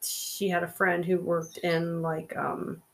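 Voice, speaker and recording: A woman's voice: fairly low pitch, flat delivery, slow, creaky. A middle-aged woman co-hosting a casual podcast, telling meandering anecdotes full of fillers. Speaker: podcast co-host. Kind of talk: casual storytelling chat.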